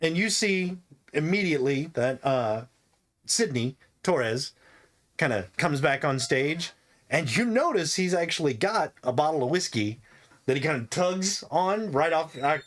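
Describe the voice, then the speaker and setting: A young adult man running a tabletop game as game master, narrating in a relaxed, rambling way with frequent laughs. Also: fairly high pitch, a little slow.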